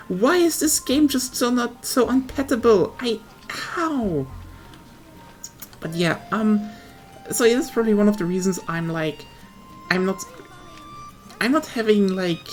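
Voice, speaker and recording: A woman's voice: medium pitch, animated, unhurried, a little mellow, faint music behind. A woman streamer, not a native English speaker, chatting casually on a livestream in a rambling, swearing, self-mocking way.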